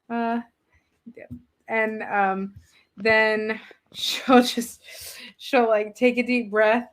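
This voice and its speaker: A woman's voice: mid-range voice, fairly bright tone. A woman player at a tabletop game, rambling through her turn with lots of filler words and giggles. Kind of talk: casual tabletop game play.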